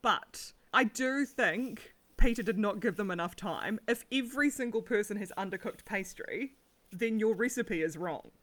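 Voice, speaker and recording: A woman's voice: mid-range voice, moderate pace, fairly bright tone. A woman co-hosting a casual chat, giggly and candid. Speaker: podcast co-host.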